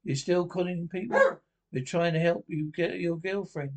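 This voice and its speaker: An actor playing a coarse, cheeky Scottish pensioner in a TV sitcom, with gruff, sweary banter. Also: male voice, sits high, normal speed, a little mellow, low-quality recording. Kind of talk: TV sitcom acting.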